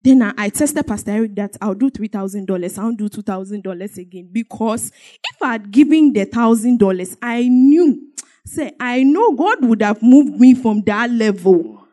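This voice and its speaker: A woman stands up to give a church testimony. She presses her points by repeating them and breaks into laughter as she talks. Her voice sits a little higher than most. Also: lively intonation, normal speed, dark tone. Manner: emphatic, repetitive storytelling with bursts of laughter. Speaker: church member giving a testimony.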